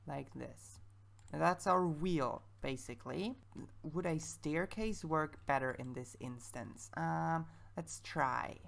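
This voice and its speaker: Female let's-play creator, low gravelly voice, casual chatty commentary. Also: fairly bright tone. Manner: thinks aloud, chatty and self-mocking.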